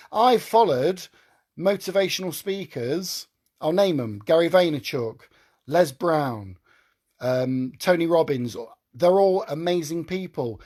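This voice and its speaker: A man's voice: mid-range voice, a little mellow. Earnest man pleading on a live stream. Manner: earnest, pleading, repeats himself. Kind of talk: emotional live stream talk.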